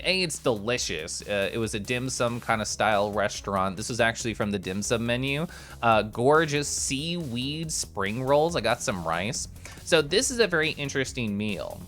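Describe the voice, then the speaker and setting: A man streaming live, chatting casually with his viewers and answering chat with bubbly, excited exclamations. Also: medium pitch.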